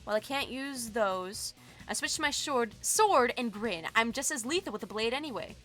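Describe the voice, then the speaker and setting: A bubbly young woman streams a story game, reading the text aloud and gushing between lines. Her voice is bright and fairly high, with soft game music behind her. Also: moderate pace. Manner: bubbly, excitable, gushing asides. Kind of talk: reading a visual novel aloud with commentary.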